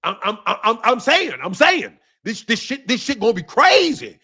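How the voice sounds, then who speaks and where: A man doing an excited impression of a male boxing commentator, repeating himself and building hype. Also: very high-pitched, moderate pace, breathy edge, heavily acted. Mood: hyped. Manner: repeats "look, look" in a rising excited voice.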